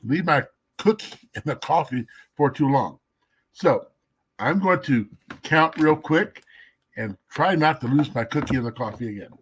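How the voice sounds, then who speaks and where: Husky-voiced man teaching a casual devotional. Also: fairly high pitch, lively intonation. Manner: emphatic, slows down to stress key words; drops to a whisper for emphasis. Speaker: messianic Jewish teacher.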